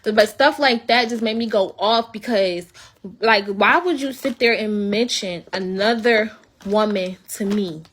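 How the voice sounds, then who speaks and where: Woman, young adult, bright tone, indignant casual rant, swears freely, livestream host. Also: medium pitch, measured pace, slight background noise.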